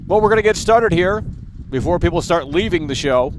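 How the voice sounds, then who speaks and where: A man's voice: high-pitched, expressive, moderate pace, a little hiss or hum. A young adult man hosting a gaming livestream, ranting bluntly and casually with lots of swearing. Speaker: livestream host.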